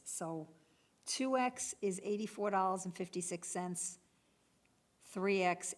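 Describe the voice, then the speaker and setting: A woman serving as a municipal clerk, reading out item codes and bid prices at a public bid opening in a steady, businesslike way. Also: mid-range voice.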